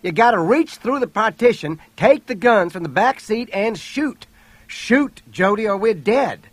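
A man voicing a tough male agent under fire, shouting urgent commands. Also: fairly high pitch, expressive, moderate pace, no echo. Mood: frantic shouting.

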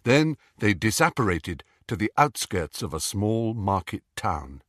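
Reading a novel aloud as an audiobook narrator, a man uses a fairly low voice and a measured, expressive storytelling delivery. The scripted narration is recorded in a clean studio with no echo.

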